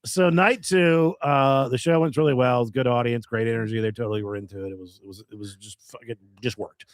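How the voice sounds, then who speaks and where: A man's voice: mid-range voice, brisk, no echo. A man telling a long story in casual podcast chat, swearing freely and laughing as he goes. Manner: lively, animated, swears freely, laughs often.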